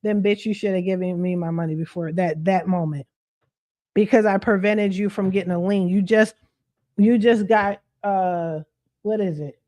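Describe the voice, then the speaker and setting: A woman's voice: medium pitch, steady tone, moderate pace, dark tone. Blunt, profane woman ranting on a livestream. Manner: blunt, profane, fired-up venting; streetwise slang, addresses viewers directly. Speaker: credit repair coach. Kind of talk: livestream rant to followers.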